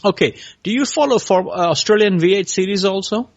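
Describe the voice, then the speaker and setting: Halting male podcast host, lo-fi. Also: sits high. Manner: halting, asks questions with many pauses. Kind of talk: interviewing a guest. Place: California.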